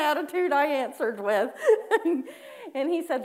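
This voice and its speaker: Animated woman preaching a testimony. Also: sits high, takes it slowly, pauses often. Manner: animated storytelling, acting out her own prayers with laughing asides. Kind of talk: sermon testimony.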